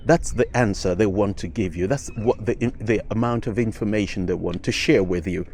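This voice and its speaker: A man's voice: on the low side, normal speed, darkish tone, slight background noise. A man hosting a video, talking in a rambling way with frequent fillers and false starts. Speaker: video host. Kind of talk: casual commentary.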